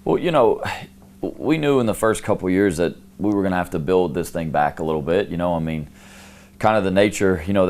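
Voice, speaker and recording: Man, deep low voice, head coach, relaxed candid answers, lots of filler phrases. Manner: relaxed, candid, peppered with "you know". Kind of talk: sit-down interview.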